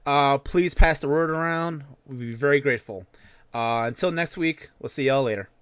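Male co-host, fairly high voice, dry close sound, animated casual rant full of swearing. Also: moderate pace, smooth, no room sound. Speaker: podcast co-host.

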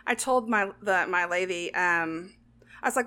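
A woman's voice: lowish voice, unhurried, pushed and bright, smooth. A woman in her forties co-hosting a movie podcast in casual chat, dry and teasing as she corrects her co-host. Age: 40s.

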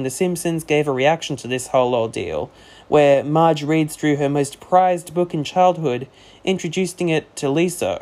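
A man's voice: on the high side, a little mellow. A man hosting a solo commentary podcast, talking casually with fillers and self-corrections. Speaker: podcast host.

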